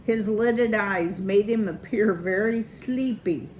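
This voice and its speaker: A woman reading a children's chapter book aloud in a measured, expressive way. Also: mid-range voice, slight background noise, low-quality recording. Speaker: children's story reader.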